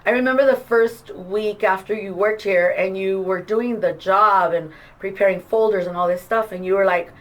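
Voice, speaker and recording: A woman who works at an adult school, chatting in a casual interview, encouraging and lively as she retells events with quoted dialogue. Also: mid-range voice, moderate pace, few pauses, low-quality recording. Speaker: adult school staff member.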